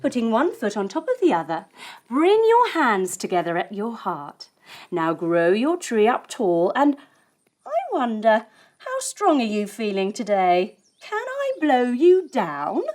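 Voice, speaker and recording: A young woman teaching a storytelling yoga lesson for children, playful and animated, adding buzzing sound effects. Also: on the high side, unhurried. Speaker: kids' yoga instructor.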